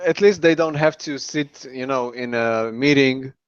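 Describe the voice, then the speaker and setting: A man, a non-native English speaker, talking as an interview guest in careful, halting speech. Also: medium pitch, smooth, dry recording, highs cut off. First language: not English. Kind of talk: casual chat.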